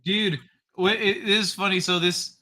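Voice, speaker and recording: A man's voice: high voice, fairly even intonation, normal speed, sharp tone. A man hosting a casual livestream, reading chat aloud in a loose, profane way and laughing often. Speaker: livestream host.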